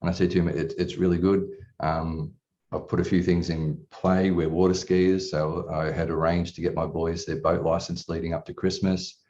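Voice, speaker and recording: A man in his forties tells his personal story as a coaching client, candid and rambling, with casual swearing. His low-pitched voice is level and a little mellow at a moderate pace, recorded distantly in a dull-sounding room.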